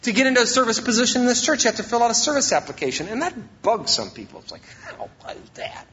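A man's voice: very high voice, big pitch swings, very fast, a bit bright, highs cut off. A male pastor preaching a sermon, emphatic and repeating his key phrases.

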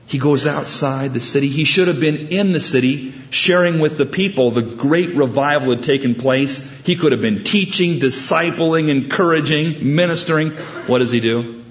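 A man's voice: mid-range voice, highs cut off. A man preaching a sermon, storytelling with humorous asides and acting out the people he quotes. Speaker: pastor.

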